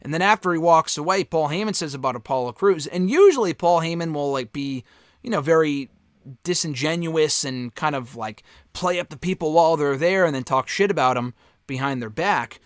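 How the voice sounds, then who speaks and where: Male reviewer, talks candidly and offhand, higher-pitched voice, dry close mic. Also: a little fast, no room sound. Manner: candid, offhand, swears freely. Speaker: wrestling show reviewer. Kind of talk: casual spoken review.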